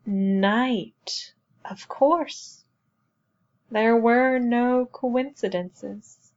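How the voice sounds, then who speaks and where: A woman reading a novel aloud as narrator, in a measured, even storytelling manner. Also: medium pitch, dull audio. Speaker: audiobook narrator. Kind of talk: scripted narration.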